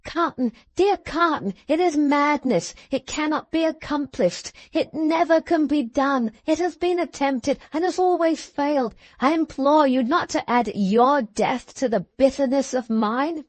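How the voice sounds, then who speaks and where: A woman's voice: high voice, expressive, normal speed, hardly any pauses, a little mellow, dry recording, voice pushed up. A woman voicing a frightened young nobleman held in prison, who pleads in a distressed way. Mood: pleading.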